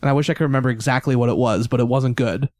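A man's voice: medium pitch, fairly even intonation, very fast, a little mellow, no echo, clean studio sound. A man co-hosting a podcast, recalling events in a rambling, casual way and searching for words. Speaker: podcast co-host. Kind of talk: casual storytelling chat.

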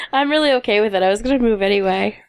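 A woman with a smooth, clear, mid-pitched voice talks wryly in a relaxed chat. She sounds unbothered. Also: fast talker, no room sound, studio quality. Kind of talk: casual chat.

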